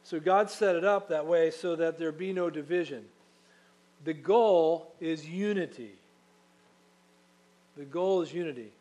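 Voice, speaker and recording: Pastor, male, slightly higher voice, earnest sermon delivery with emphatic peaks. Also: a little fast, few pauses, darkish tone. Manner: earnest preaching, reads scripture aloud, swells for emphasis.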